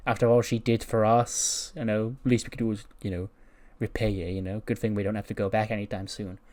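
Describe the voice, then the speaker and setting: A man's voice: on the low side, little pitch movement, a little fast, darkish tone, natural voice. A man doing an evasive woman wrestler. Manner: evasive, filler-heavy. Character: nervous woman wrestler covering for her friend.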